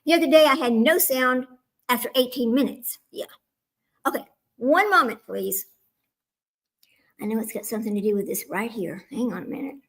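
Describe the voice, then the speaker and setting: Woman livestream host, higher-pitched, chatty, talks straight to viewers, mutters asides. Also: animated, normal speed, pauses often. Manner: flustered with tech, muttering asides. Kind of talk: casual livestream chat. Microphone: small microphone.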